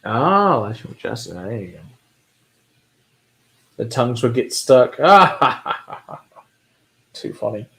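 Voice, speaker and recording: A man's voice: mid-range voice, very animated, measured pace, creaky, pauses often. A man hosting a whiskey livestream, chatting casually with viewers, answering their comments and laughing often.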